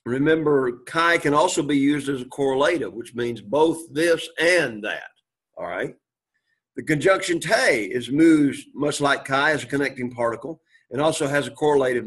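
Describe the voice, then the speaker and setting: A man teaching a Greek class, reading Greek aloud, translating it and quizzing his students, often clearing his throat. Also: medium pitch, a little slow, a bit bright. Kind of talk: classroom lecture.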